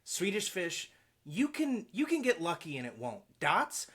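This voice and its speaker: Podcast host guy, bouncy lively voice, cracking jokes and ranking stuff. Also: sits high, a little slow, breathy edge. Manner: opinionated, joking. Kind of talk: casual podcast chat.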